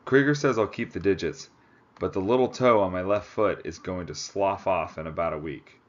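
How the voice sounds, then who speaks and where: A man reading aloud, voicing an exhausted male climber with frostbite who speaks bluntly with dark humor. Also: low-pitched, moderate pace, dull audio, natural voice. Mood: darkly joking.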